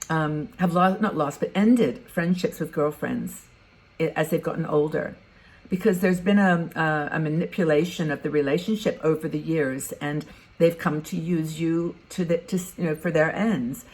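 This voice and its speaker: A woman in her sixties, talking frankly and conversationally as she gives advice in a casual vlog. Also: fairly low pitch. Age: 60s. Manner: conversational and frank, thinking aloud. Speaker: vlogger giving advice to retired women.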